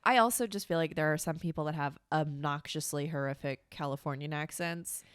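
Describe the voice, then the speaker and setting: A woman co-hosting a casual podcast chat, teasing and cracking quick jokes. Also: deep voice, clear, resonant tone, no room sound, clean studio sound. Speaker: podcast co-host.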